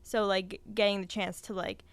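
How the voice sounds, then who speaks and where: Chatty young woman with a smooth, dry voice. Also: medium pitch, flat delivery, normal speed, dry recording. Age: young adult. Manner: chatty, full of "like" and "um", laughs easily. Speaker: podcast guest, design student. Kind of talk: casual interview chat.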